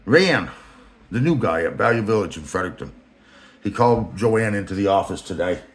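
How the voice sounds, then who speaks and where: A man's voice: fairly low pitch, lively intonation, brisk. A man telling a story to camera in a rambling, crude, joking way, filming himself. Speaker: vlogger. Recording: echoey room.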